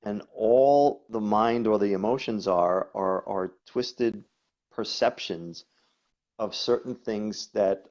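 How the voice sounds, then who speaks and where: A man, a guest coach, talking casually and telling stories in an animated way, often repeating words. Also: lowish voice, takes it slowly. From New York. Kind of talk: conversational storytelling. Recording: dull lo-fi audio.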